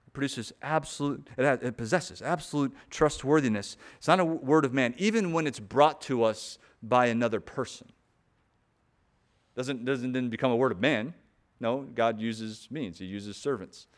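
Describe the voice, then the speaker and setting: A man's voice: mid-range voice, moderate pace. A man preaching a sermon in an earnest, emphatic way, pressing key points harder and often repeating words as he builds them.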